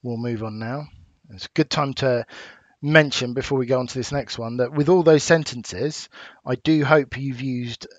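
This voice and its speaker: A man with an English accent, a teacher giving a recorded lesson, explaining patiently and clearly with small fillers. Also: medium pitch, moderate pace, no room sound. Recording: dull dry home recording.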